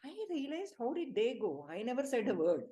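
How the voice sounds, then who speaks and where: A middle-aged woman with an Indian English accent, leading a spiritual teaching talk with lively, emphatic storytelling. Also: a little high, a little fast. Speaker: spiritual healing group leader.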